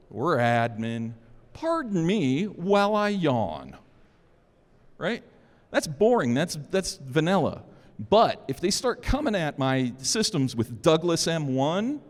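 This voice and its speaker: A man speaks at a conference in a casual, joking way. His pitch swings widely as he talks. The sound has a long reverb, as if recorded in a big hall. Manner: animated, informal, joking. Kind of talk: security conference talk.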